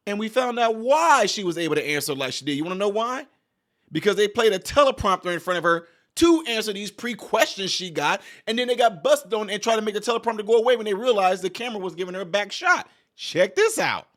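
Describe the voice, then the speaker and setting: Fast-talking man with a higher voice. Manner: animated, talks straight to viewers, prays and blesses at sign-off. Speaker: video commentator. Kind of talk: casual political commentary vlog.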